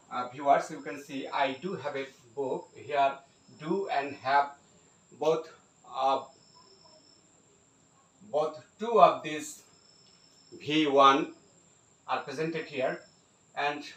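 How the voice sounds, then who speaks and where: Slow, halting man teaching grammar. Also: a little high, fairly bright tone. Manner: slow, halting, many fillers and repeated phrases. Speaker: English teacher. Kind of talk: grammar lesson. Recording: echoey room, mic at a distance.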